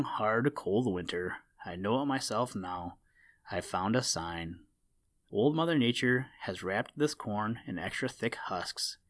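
A man voicing a shrewd, self-assured male crow in a storybook reading, with a slightly raised, sly delivery. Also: lowish voice. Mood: knowing.

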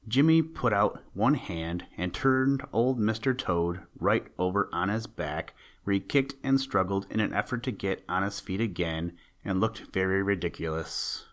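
A man narrating a children's storybook in a gentle, even storytelling manner. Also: sits low, unhurried, few pauses.

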